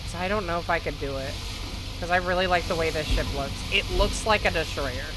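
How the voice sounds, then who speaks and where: A woman's voice: fairly low pitch, brisk, poor audio. A woman streamer giving casual gameplay commentary, rambling and correcting herself as she goes. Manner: rambling, self-correcting, laughs often. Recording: steady background noise.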